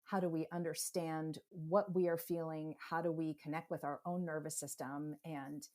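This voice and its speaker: A middle-aged woman from the United States, a psychotherapist speaking as a podcast guest, talking animatedly and acting out parents and kids in quick voices. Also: deep voice, little pitch movement, a little mellow. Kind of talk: conversational interview.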